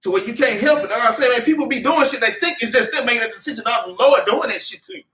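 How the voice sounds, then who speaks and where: Fervent, bright-voiced man preaching in an echoey room. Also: very high-pitched, fast talker, slight background noise. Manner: fervent, repetitive, streetwise slang. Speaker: Bible class teacher. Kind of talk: casual preaching with read-back. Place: meeting room with congregation. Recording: echoey room, mic at a distance.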